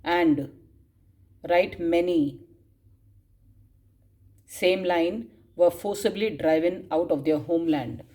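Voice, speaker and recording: Woman teacher reading notes aloud for students to copy, very slow, repeats phrases, coughs often. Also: lowish voice, mellow. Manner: slow dictation, spelling out words and repeating phrases; frequent coughs and throat clearing. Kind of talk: dictating class notes.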